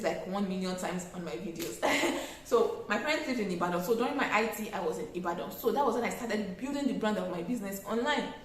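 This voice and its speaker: A young Nigerian woman with a Nigerian accent giving customer service tips in a casual vlog, animated and acting out exchanges with customers. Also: medium pitch, very echoey, poor audio. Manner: animated, acts out customer exchanges, laughs often. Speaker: small business owner giving tips.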